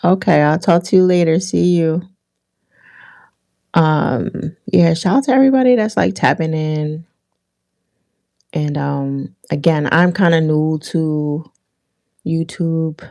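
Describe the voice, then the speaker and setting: A woman with a low, gravelly voice hosts a livestream, chatting with viewers in a loose, rambling way full of fillers and restarts. Her voice is recorded close and dry, with no room echo. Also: slow, long pauses, mellow. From Philadelphia area. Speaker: livestream host. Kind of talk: casual livestream chat with viewers.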